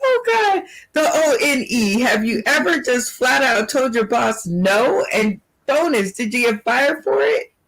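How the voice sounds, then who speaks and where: A woman's voice: a little high, very animated, unhurried, a bit bright, poor audio. A woman hosting an online comedy panel, asking questions with laughing, exclaiming reactions. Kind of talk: quiz-style show hosting.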